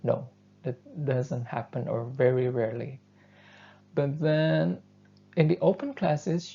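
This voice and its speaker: A man who is not a native English speaker, giving a university lecture and explaining step by step, often pausing on fillers. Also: mid-range voice. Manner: thoughtful, steady explaining with frequent fillers. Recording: dull lo-fi lecture recording.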